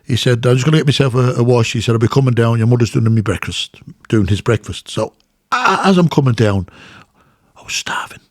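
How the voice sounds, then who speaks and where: A man's voice: mid-range voice, fast, dry recording, studio quality. A middle-aged man with a Dublin Irish accent telling stories in casual chat and acting out the voices he quotes. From Ireland. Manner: animated, acts out quotes. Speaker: guest, former boxer. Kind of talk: casual storytelling.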